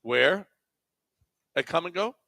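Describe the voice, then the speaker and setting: Male radio co-host, bright tense tone, a touch high, dry close studio mic, wry news-of-the-day reader. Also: expressive, slow pace, creaky, no room sound. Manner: wry, teasing news delivery. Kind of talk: reading quirky news items in banter. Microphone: studio microphone.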